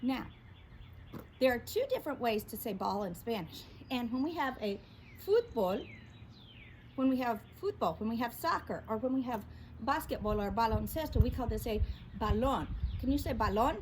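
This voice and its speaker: An upbeat woman with a slightly high voice leads a children's Spanish lesson. She keeps prompting her young class to repeat each new word aloud. A faint hiss sits under the recording. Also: animated, normal speed, a little mellow. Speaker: Spanish teacher.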